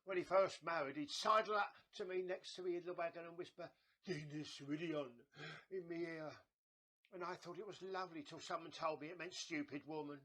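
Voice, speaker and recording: A man's voice: on the high side, steady tone, brisk, sharp tone. A man playing a chatty, scheming old woman fortune teller, rambling and stammering theatrically. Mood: gossipy. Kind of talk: comedy sketch acting.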